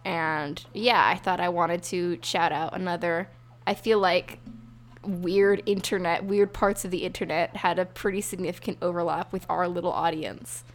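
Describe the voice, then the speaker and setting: A woman co-hosts a casual podcast in a mid-range voice. She teases her partner playfully, delivering the jokes deadpan. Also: lowish voice, normal speed. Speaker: podcast co-host. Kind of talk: casual chat.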